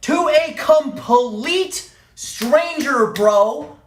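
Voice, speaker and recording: A woman's voice: sits high, lively intonation, extremely slow, echoey room. A woman streamer telling a story in an angry, profane rant, repeating phrases for emphasis. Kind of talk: ranting live-stream story.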